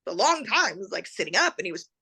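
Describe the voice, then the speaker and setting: A woman guest telling a personal story in a lively way, acting out the voices of the people she quotes. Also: mid-range voice, quick pace, slightly rough. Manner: animated, acts out quoted voices.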